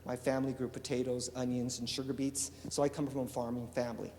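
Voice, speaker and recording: A man's voice: mid-range voice, quick pace, a little hiss or hum. Man telling a story in a hall. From eastern Oregon, USA. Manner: animated storyteller acting out quoted dialogue. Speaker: entrepreneur giving a talk. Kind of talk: storytelling keynote speech. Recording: reverberant hall with faint ambience.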